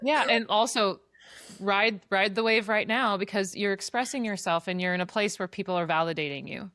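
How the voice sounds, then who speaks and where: A woman's voice: mid-range voice, moderate pace, fairly bright tone, no echo, studio quality. A woman hosting a podcast, talking through ideas in a reflective, casual way with many fillers. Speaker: podcast host. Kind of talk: casual conversation.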